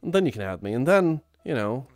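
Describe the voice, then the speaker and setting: A man's voice: medium pitch, sing-song, a little fast, dry recording, soft background music. A man streaming live in virtual reality, chatting casually in a playful, affectionate, doting way.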